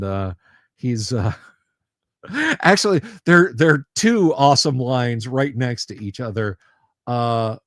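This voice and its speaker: Brief: male stream host, mid-pitched, joking and rambling, dry close mic. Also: no echo. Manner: rambling, jokey, laughs often. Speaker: livestream host. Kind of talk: casual chat.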